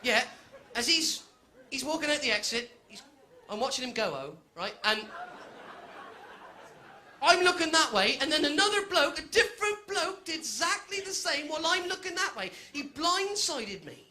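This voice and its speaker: A man's voice: very high-pitched, very animated, normal speed, pushed and bright, slight background noise. A man doing a stand-up comedy set, telling a cheeky story to a live audience in a chatty way.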